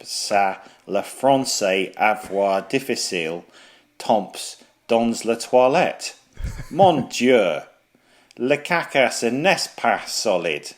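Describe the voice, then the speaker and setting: Man voicing a huffy Frenchman, theatrical, slow, mock-offended. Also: mid-range voice. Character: pompous French man, grown, huffy letter writer.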